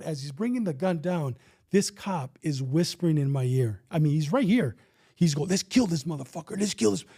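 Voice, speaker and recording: A man's voice: on the high side, dark tone. A middle-aged man, a retired police officer, telling a story in casual conversation. He talks animatedly, acts out what people said, and swears freely.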